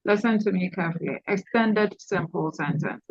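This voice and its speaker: A woman's voice: medium pitch, moderate pace, muffled recording. A woman lecturer teaching an online class, calling on students and repeating key points to stress them.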